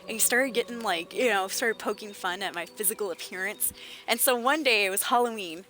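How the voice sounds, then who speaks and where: A young adult woman with a mid-range voice talks a little fast while streaming a game. It's casual livestream chat, and she tells her stories animatedly, acting out the people she quotes.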